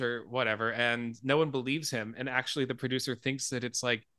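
A man hosting a podcast in casual chat, retelling a film scene in an animated way and laughing along. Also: mid-range voice, a little fast, no room sound. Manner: animated storyteller, laughs and swears freely. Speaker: podcast host.

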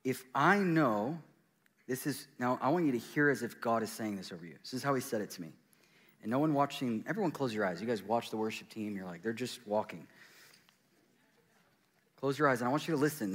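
A pastor preaching a sermon in a church, swinging between excited bursts and hushed, intimate stretches. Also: male voice, medium pitch.

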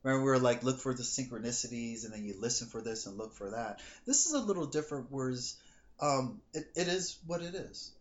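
His mid-range voice comes a little fast through lo-fi sound. The man, a psychic reader co-hosting a relaxed podcast, chats and tells animated stories, giving voice to quoted dialogue.

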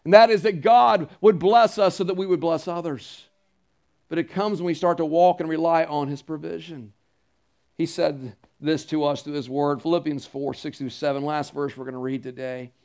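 A high-pitched man preaches a sermon as pastor. He is earnest and emphatic, leans on repetition, and breaks into friendly asides to the congregation. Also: fairly even intonation, moderate pace, darkish tone.

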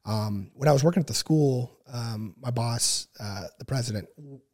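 Relaxed husky-voiced man telling a story. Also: medium pitch, moderate pace. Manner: relaxed, filler-heavy, clears throat often. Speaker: podcast guest. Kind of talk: casual storytelling.

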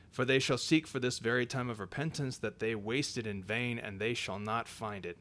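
A man reading an old sermon aloud in a measured, solemn way, dropping his voice for each scripture citation. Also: mid-range voice, a bit bright. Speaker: reader.

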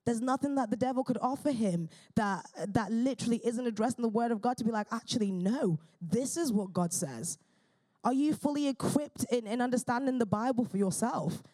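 A woman's voice: fairly high pitch, a little fast, warm tone. A woman preaching a sermon in an earnest, fervent way, often restarting her phrases.

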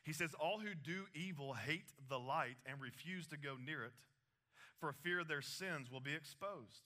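Bright-voiced preacher. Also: male voice, fairly high pitch, a little slow. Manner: animated preaching with asides and laughs. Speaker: pastor. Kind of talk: sermon.

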